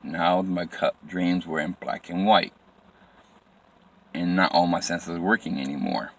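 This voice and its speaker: A man telling a personal story from his life in plain, halting phrases with frequent restarts and repetition. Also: low-pitched, steady tone, fairly bright tone.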